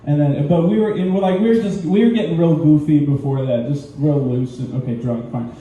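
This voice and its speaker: A man's voice: on the high side, brisk, warm tone, dull audio. A young man doing an open-mic stand-up set, rambling and self-deprecating with giggly asides. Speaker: stand-up comedian. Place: small comedy venue, indoors. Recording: echoey room, mic far off, faint noise.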